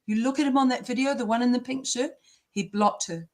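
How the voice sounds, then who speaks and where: A woman's voice: fairly high pitch, fairly quick. Impassioned woman. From New Zealand. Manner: emphatic, emotional, indignant. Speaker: interview guest. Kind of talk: impassioned interview talk.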